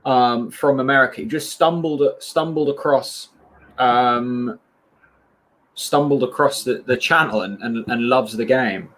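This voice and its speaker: A man's voice: mid-range voice, a little slow, fairly bright tone, a little hiss or hum. A man co-hosting a charity livestream, chatting casually about football and reading out viewer comments. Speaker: livestream co-host.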